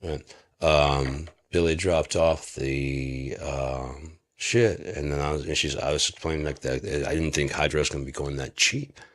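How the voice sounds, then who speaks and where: A man's voice: a bass voice, measured pace. A man from Michigan talking in a loose, profane, rambling monologue, often breaking into laughter. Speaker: vlogger.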